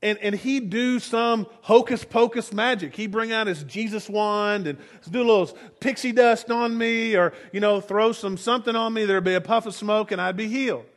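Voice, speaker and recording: A man's voice: high-pitched, moderate pace, few pauses, close to an everyday voice. A man voicing a proud foreign army commander who rants in a huffy, self-important way. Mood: indignant.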